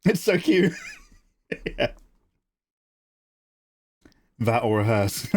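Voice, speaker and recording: A middle-aged man with a British accent keeps up an easygoing, joking chat with viewers. His mid-range voice rises and falls a lot as he talks. He answers questions with quick, playful asides. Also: medium pitch, sing-song, a little mellow, slight background noise. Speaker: livestream host. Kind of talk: casual chat with viewers while drawing.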